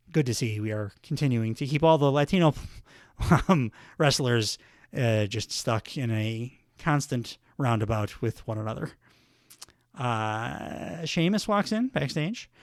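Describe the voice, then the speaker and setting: A man's voice: medium pitch, no room sound, clean studio sound. A man hosting a solo wrestling recap podcast, talking casually with many fillers. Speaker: podcast host.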